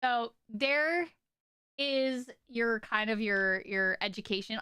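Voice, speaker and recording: Young woman streaming, tells stories all dramatic, bright crisp voice, kinda high. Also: slow pace, dry recording, clean studio sound. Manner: animated, exaggerated storytelling with frequent "okay?" and "like". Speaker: streamer presenting to chat. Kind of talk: casual livestream chat.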